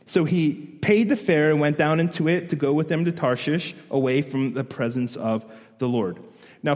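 In a church hall, a male pastor with a high voice preaches an animated sermon, telling stories and putting questions to his listeners. The large hall leaves a long echo.

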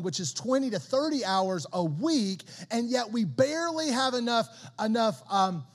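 A man preaching a sermon as a pastor, conversational and animated, often repeating words as he builds a point. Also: high-pitched, big-room sound.

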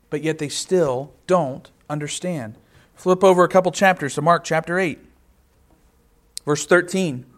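A man preaching a sermon, reading scripture aloud and explaining it with rhetorical questions. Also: on the high side.

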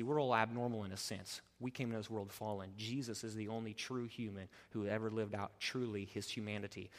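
A man preaching a sermon as pastor, passionate, swinging from loud emphatic stretches to quiet, low appeals. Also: long reverb tail. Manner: impassioned, rising to loud emphatic preaching then dropping low.

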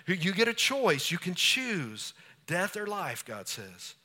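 A man preaching a sermon as pastor, animated, often acting out little scenes for his listeners. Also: sits high, slow.

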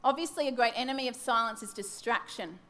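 A woman's voice: fairly high pitch, fast talker, sharp tone. A woman in her thirties giving a devotional teaching talk, candid and self-mocking, acting out her own wandering thoughts. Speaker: church teacher.

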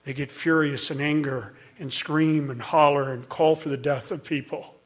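Storytelling male preacher, a bit high. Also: fairly even intonation, normal speed. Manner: conversational storyteller, rising to emphatic peaks. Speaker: pastor. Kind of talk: sermon with storytelling.

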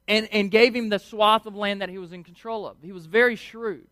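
A high-pitched man delivering a sermon with animated, conversational storytelling. He slips into quick acted voices as he goes. The sound is dry and close, with no room echo. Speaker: preacher.

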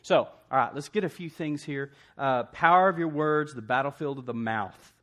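A man preaching a sermon to a church congregation, asking "amen?" and swinging from hushed asides to loud emphasis. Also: fairly high pitch, moderate pace. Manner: call-and-response preaching, asks congregation "amen?". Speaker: pastor.

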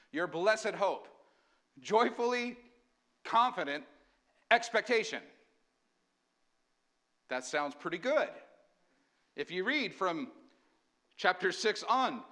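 A male pastor delivering a sermon in a high, bright voice. He preaches with energy and keeps asking the congregation questions. His tone stays lively and forceful throughout.

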